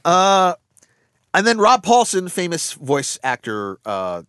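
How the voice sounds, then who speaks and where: A man chats casually as a podcast co-host, his voice sitting a little high. He tells stories in animated bursts, full of fillers and restarts. The sound is dry and close to the mic. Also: smooth, no room sound. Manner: animated storyteller, quick bursts, drops into low voices for quoted characters. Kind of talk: casual chat.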